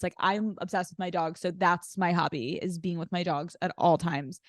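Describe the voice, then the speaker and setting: A woman chatting as a podcast guest, rattling off stories and slipping into little voices for the people she quotes. Her voice sits a bit low for a woman, and it is recorded close and dry with no room sound at all. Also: normal speed, hardly any pauses, dry recording. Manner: animated storyteller acting out quotes. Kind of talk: casual chat.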